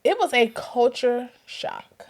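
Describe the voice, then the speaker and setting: Speaking slowly with a somewhat high voice, this female guest recounts something that happened to her in casual talk. She brings the story to life by performing other people's lines through laughter.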